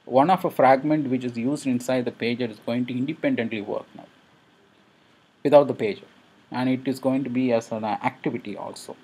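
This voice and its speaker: A man's voice: medium pitch, fairly even intonation, brisk, a little mellow, breathy edge. A man explaining a coding tutorial as he works, thinking aloud with frequent hesitations. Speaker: programming instructor.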